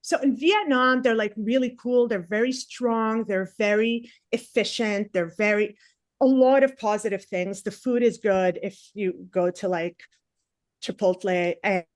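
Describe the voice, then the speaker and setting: A woman's voice: mid-range voice, unhurried, no echo, studio quality. A woman in her forties doing stand-up comedy, telling a rambling self-mocking story and acting out the other people's lines. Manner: chatty, self-mocking, acts out quotes.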